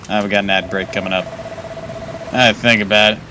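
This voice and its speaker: A man's voice: on the low side, fairly even intonation, a little fast, pauses often, sharp tone, a little hiss or hum, poor audio. A man streaming a game live, chatting casually, laughing often and swearing.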